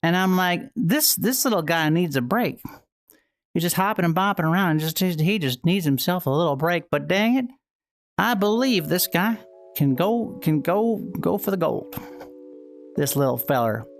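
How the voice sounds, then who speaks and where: A woman's voice: on the low side, expressive, normal speed, dry recording, studio quality. A woman streamer voicing a cheery, homespun Southern ranch hand with a put-on Southern drawl and folksy exclamations. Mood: folksy cheer.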